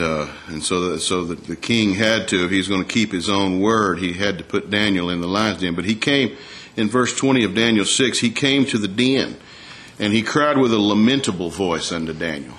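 Male preacher, lower voice, chatty sermon style, rhetorical questions, slows down to read scripture. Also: fairly bright tone, a little hiss or hum. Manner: reads scripture aloud in a slower, raised voice.

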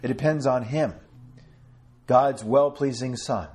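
Husky-voiced man preaching a fervent sermon. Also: mid-range voice, a little mellow. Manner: earnest, fervent, often slowing to stress scripture; quotes King James scripture with a chuckle between.

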